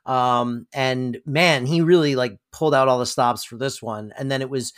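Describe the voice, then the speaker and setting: A man co-hosts a podcast and talks through a TV episode with easy amusement, laughing along with his partner. His voice sits in an ordinary middle pitch. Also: fairly even intonation, moderate pace, a bit bright. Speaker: podcast co-host. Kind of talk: casual TV recap chat.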